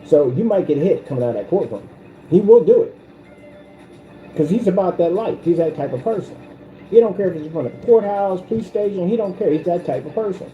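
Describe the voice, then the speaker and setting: A high-voiced man comes across on dull audio. As a channel host in a confrontational ranting commentary video, he taunts and repeats himself, recorded in an echoey room with music in the background.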